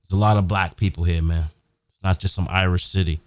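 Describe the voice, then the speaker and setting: A man's voice: low voice, steady tone, brisk, dry recording. A man hosting a live-streamed podcast, ranting emphatically and profanely, often tagging his sentences with "man". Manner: emphatic, repetitive, keeps saying "man"; profane, fired up. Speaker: podcast host. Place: home recording setup near a big city.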